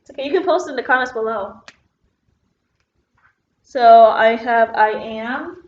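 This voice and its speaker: A woman teacher talks slowly and patiently through a phonics lesson, pausing with the odd filler while she works at a whiteboard. Her voice sits a little high. The sound is dull and lo-fi with a roomy echo. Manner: patient, explains step by step with filler words.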